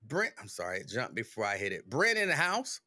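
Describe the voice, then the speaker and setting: Lively, bright-voiced man hosting. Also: on the low side, brisk, dry recording, clean studio sound. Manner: relaxed, chatty, repeats greetings. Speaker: livestream talk show host. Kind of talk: casual livestream greetings.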